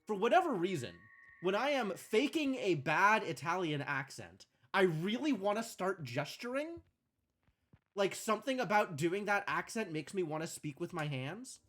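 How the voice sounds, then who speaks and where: A male game streamer muses his way through a puzzle on a live stream. His voice sits a little high for a man. It rises and falls animatedly. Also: big pitch swings, moderate pace, a bit bright. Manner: thinking aloud, musing.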